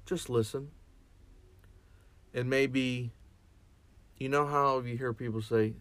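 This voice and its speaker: A man's voice: mid-range voice, steady tone, slow pace, pauses often, fairly bright tone, no echo. A man speaking as a chaplain in a reflective podcast monologue, earnest and often restarting and repeating his words.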